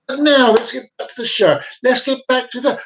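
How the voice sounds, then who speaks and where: A man's voice: extremely high pitch, fairly even intonation, brisk, slight background noise, low-quality recording. A man hosting a casual live stream at home, telling bad jokes in a rambling, repetitive way. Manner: jokey, rambling, repeats himself. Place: downstairs room at home with dogs.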